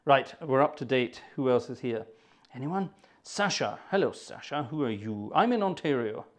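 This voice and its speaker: The speaker is a man hosting a livestreamed organ concert, casually greeting viewers by name, joking, and teasing himself. He sounds expressive, with a mid-range voice and a moderate pace.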